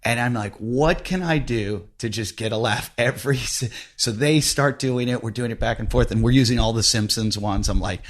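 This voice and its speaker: Laughing frequently, this man hosts a podcast and relates a story in a relaxed, lively manner. He speaks at a moderate pace with a medium-pitched voice.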